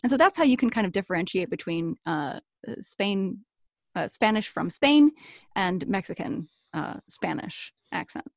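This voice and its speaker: A woman chatting in an interview about her work as a story coach and podcaster, talking in a lively, playful way and laughing often. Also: mid-range voice, normal speed, gravelly, dry recording, clean studio sound. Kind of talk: casual interview chat.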